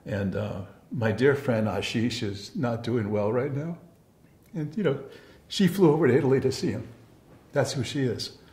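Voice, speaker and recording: A man's voice: mid-range voice, normal speed, darkish tone, echoey room. A man who once led encounter groups, recalling the past in a rambling, heartfelt and apologetic way, restarting his sentences often. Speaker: former encounter group leader. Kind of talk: reflective personal recollection.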